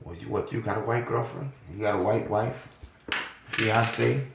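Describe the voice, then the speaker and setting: An older man talking in a casual podcast monologue, profane and animated, laughing often between points. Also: fairly low pitch, unhurried, gravelly, slight background noise. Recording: roomy echo.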